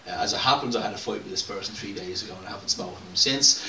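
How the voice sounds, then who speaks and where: A young adult man, a performing poet, chatting casually and haltingly to a live audience between poems at a poetry slam. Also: lowish voice, pushed and bright. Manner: casual, halting, with many fillers and restarts. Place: small live venue with an audience. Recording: echoey room, distant mic, faint hiss.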